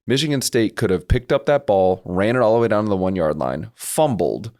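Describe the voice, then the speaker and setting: Deep-voiced man explaining football plays. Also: expressive, fairly quick, darkish tone. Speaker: podcast co-host. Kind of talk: casual sports podcast chat.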